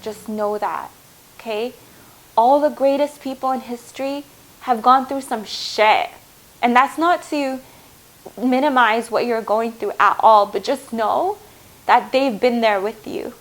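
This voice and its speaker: A woman's voice: a little high, unhurried, rough recording. A woman giving a heartfelt spiritual tarot reading, earnest and reassuring, speaking to viewers as her loves. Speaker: tarot reader.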